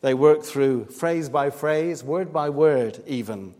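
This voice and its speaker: A man's voice: on the high side, slow pace, warm tone. A man preaching a sermon in a church, earnest and emphatic, pressing hard on his key points. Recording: long reverb, hall-like.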